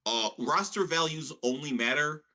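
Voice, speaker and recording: A man co-hosting a casual sports betting chat, joking and quick to restart his sentences. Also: a little high, pushed and bright. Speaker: co-host.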